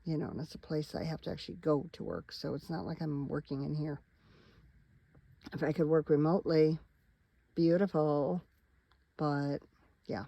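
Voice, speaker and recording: A middle-aged woman talks from inside her van at night, tired and yawning as she rambles straight to her viewers. Her voice is mellow and gravelly, and the sound is close and dry. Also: deep voice, normal speed, pauses often, no echo, poor audio. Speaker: van life vlogger. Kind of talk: casual rambling vlog chat.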